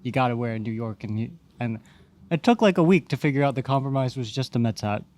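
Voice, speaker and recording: A man's voice: medium pitch, expressive, fast, a little mellow. A man co-hosting a casual sports podcast, telling stories and teasing his friends in an easygoing way. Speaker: podcast co-host.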